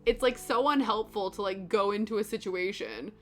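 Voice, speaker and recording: Woman streamer, casual rambly chat, middle pitch, soft music under her. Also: normal speed. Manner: chatty, rambling, lots of "like" and acted-out quotes. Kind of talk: casual chat while cross stitching, reading chat. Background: soft background music.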